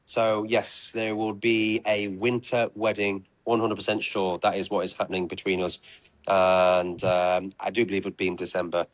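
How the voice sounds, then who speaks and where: A man's voice: sits low, flat delivery, normal speed, dry recording. A man answering interview questions casually, hesitant and full of fillers.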